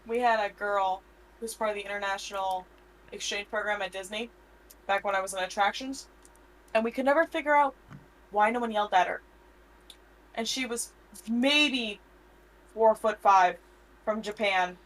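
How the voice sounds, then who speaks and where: A woman's voice: medium pitch, normal speed, pauses often, a bit bright, rough recording. A woman co-hosting a casual chat podcast, telling stories in a blunt, sassy way and swearing freely. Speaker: podcast co-host.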